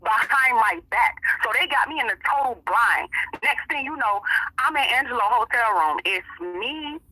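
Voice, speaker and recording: A woman's voice: fairly high pitch, sharp tone, no room sound, rough recording. A woman being interviewed, telling a story in casual, emphatic, profane talk and acting out what other people said. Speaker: interview guest.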